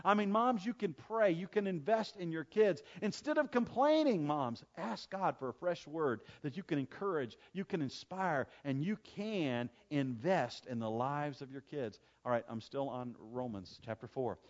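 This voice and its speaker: Emphatic preaching man, slightly high voice. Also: animated, normal speed, hardly any pauses, dull audio. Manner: storytelling, emphatic repetition, swings between loud preaching and quiet asides. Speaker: pastor. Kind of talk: sermon.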